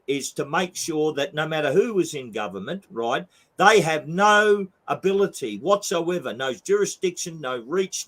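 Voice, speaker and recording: A man's voice: fairly high pitch, fairly bright tone. An older man with an Australian accent, talking as a blunt, emphatic interview guest who swears freely. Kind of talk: heated interview talk.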